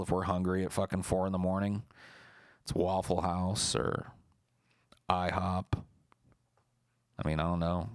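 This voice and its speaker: Streamer, male, very low pitch, loose profane chatter, dry close sound. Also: clean tone, no echo. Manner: loose, profane and rambling, with many restarts. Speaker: live streamer. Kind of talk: casual late-night stream chat.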